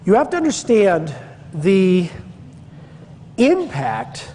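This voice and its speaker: A Pennsylvania man's high voice swoops wildly in pitch as he lectures slowly on church history, with a dark tone. The classroom-style Bible lecture is conversational, drifting into digressions and emphasizing key words. Long reverb and slight hiss or hum color the recording.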